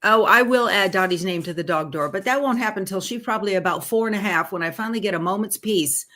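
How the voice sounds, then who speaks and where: A woman's voice: medium pitch, fast talker, bright, forceful tone. A woman hosting a live sewing stream, chatting casually and reading viewer comments aloud. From Texas. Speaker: host of a live sewing show.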